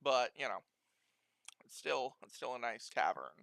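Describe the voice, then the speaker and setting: A man's voice: mid-range voice, very animated, measured pace, vocal fry, a bit bright, no echo. A man narrating as game master of a tabletop game, rambling loosely and laughing often at his own jokes.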